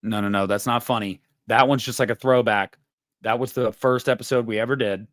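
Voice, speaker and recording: A man's voice: medium pitch, fairly even intonation, fairly quick, fairly bright tone. A man hosting a casual livestream, chatting with viewers in a loose, profane, rambling way. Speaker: livestream host.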